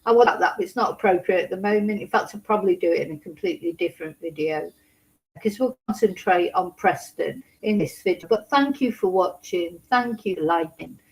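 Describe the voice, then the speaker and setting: A woman's voice: fairly low pitch, fairly quick, low-quality recording. A woman hosting a casual true crime livestream from her home in Spain, talking in a rambling, emotional way with many restarts.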